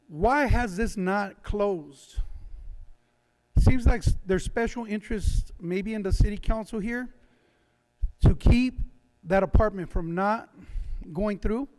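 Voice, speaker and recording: A man with a notably high voice speaking at a city council meeting as a write-in candidate. He talks in a halting, suspicious way, pausing often between phrases. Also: darkish tone. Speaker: public commenter, write-in candidate. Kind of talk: public comment at a council meeting.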